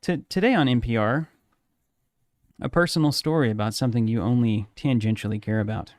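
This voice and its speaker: A man voicing a calm male public radio announcer, in a slow, measured parody delivery on a studio broadcast mic. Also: mid-range voice, dry recording, close to an everyday voice. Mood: mock-solemn. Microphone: studio broadcast microphone.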